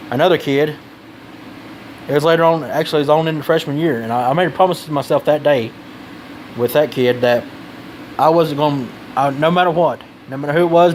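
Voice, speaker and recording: A man's voice: fairly high pitch, a little mellow, slight background noise, rough recording. A man giving blunt advice in a casual vlog, rambling and swearing freely.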